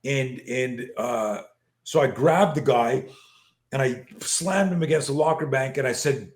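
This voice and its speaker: An older man with a middle-pitched voice tells a story as a guest on a podcast, with emphatic, profane speech and plenty of restarts. He acts out the dialogue as he goes. The room around him rings with echo. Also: unhurried. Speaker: guest, self-defense instructor. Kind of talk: animated storytelling in a podcast chat. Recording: echoey room.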